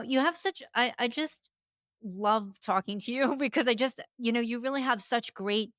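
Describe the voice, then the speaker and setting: A woman's voice: a little high, fairly bright tone, clean tone, no echo, studio quality. A woman co-hosting an interview, speaking effusively and filling her talk with "you know" and "like". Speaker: co-host. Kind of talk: casual conversational interview.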